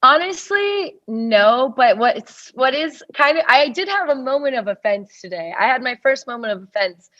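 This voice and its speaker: A woman's voice: high-pitched, sing-song, moderate pace, hardly any pauses, fairly bright tone. A young woman in her twenties from Russia, a stand-up comedian chatting as a podcast guest in a rambling way full of fillers. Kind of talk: casual podcast interview. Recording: dull, dry lo-fi sound.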